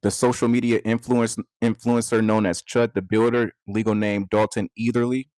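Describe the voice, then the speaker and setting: A young man from Detroit delivering an earnest commentary monologue in a slow, measured way with pauses. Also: on the low side, flat delivery, a little mellow, no room sound, clean studio sound. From Detroit, USA. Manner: earnest, emphatic, rising sharply when upset. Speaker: channel host.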